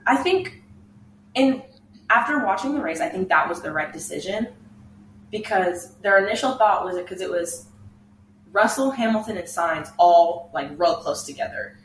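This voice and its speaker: A young woman co-hosting a casual podcast chat, talking quickly and laughing often. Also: lowish voice, animated. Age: young adult. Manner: chatty, laughs often, does mock voices of drivers. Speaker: podcast co-host. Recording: echoey room, mic far off, faint noise.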